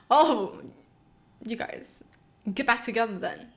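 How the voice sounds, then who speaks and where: A woman hosting her channel, casually reacting to online stories she reads out, expressive and emotional, often exclaiming and laughing. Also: fairly high pitch, normal speed. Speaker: channel host reading and reacting to online posts.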